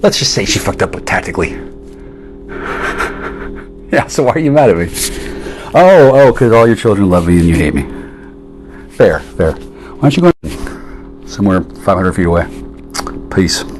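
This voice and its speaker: A man's voice: normal speed, pauses often. A man delivering a profane, sarcastic, confrontational rant at an absent woman. His delivery swings from jeering outbursts to muttered asides. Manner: lurching between jeering highs and muttered asides. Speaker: vlogger. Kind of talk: one-sided rant addressed to an absent woman.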